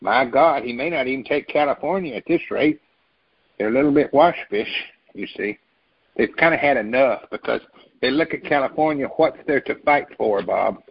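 Gravelly husky man rambling emphatically. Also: mid-range voice, animated, normal speed, highs cut off. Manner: rambling, emphatic, spells out words to make a point. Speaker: political commentator. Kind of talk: casual talk-show opinion.

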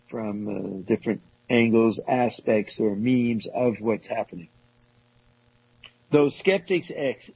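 A man reading passages from a book aloud to a small group and commenting on them, halting and rereading lines as he goes. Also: medium pitch, gravelly, darkish tone, breathy edge, dry recording, low-quality recording. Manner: halting, restarts and rereads passages, asides to listeners. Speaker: discussion leader reading from a book.

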